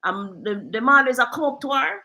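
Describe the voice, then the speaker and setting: Woman host, bright tone, chatty storyteller with patois. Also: on the high side, a little fast, poor audio. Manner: lively storyteller, drifts into patois. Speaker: real estate agent and host. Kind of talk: casual storytelling chat.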